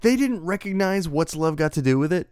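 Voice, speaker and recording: A man's voice: on the high side, lively intonation, fairly quick, darkish tone, no echo, clean studio sound. A man hosting a comedy podcast, playing straight man with playful questions and frequent laughs. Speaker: podcast host.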